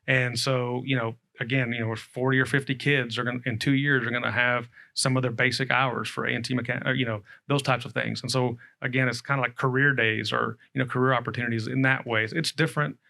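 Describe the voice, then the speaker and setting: Man, airport director; gravelly, flat delivery, rambling panel talk. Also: medium pitch, a little fast, few pauses. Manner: rambling, many fillers. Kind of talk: panel discussion.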